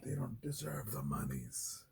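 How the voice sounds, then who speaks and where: A man's voice: mid-range voice, huge pitch swings, a little slow, creaky, breathy edge. A man ranting to camera in a blunt, sarcastic and heavily profane way. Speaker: art video creator.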